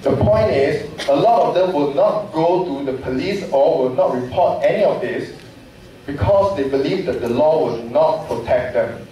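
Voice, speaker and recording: A man's voice: fairly high pitch, expressive, moderate pace, mellow. A man from Malaysia, giving an impassioned forum speech full of repeated rhetorical questions. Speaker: forum panelist. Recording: echoey hall, distant mic, faint noise.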